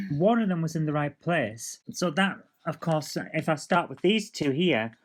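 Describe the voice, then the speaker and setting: A woman's voice: deep voice, expressive, a little slow. A woman hosting a casual vlog chat, dry and teasing as she explains her moves. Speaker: vlog host. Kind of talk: casual chat over a board game.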